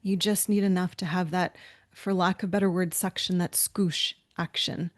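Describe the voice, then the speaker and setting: A woman's voice: lowish voice, fairly even intonation, normal speed, no room sound, studio quality. A woman co-hosting a webinar, talking in a chatty, anecdotal way with frequent fillers and restarts. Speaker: webinar co-host. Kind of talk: conversational webinar discussion.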